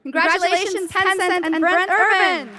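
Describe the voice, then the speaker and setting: A female co-host with a high voice. She reads announcements in an upbeat presenter's manner. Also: fairly even intonation, moderate pace, sharp tone, some chatter behind, slight background noise. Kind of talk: live event hosting.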